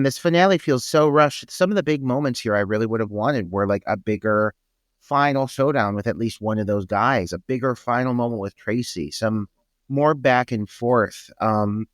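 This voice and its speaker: A man's voice: mid-range voice, moderate pace, no echo, studio quality. A man co-hosting a podcast, giving laid-back, profane opinions on a film. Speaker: podcast co-host. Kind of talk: casual film discussion.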